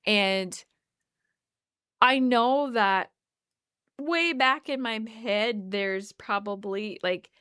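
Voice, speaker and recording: A woman hosting a solo wellness podcast, talking in an earnest, halting way with many restarts. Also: medium pitch, sharp tone, clean tone, dry recording, studio quality. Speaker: podcast host. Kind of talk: reflective solo podcast monologue.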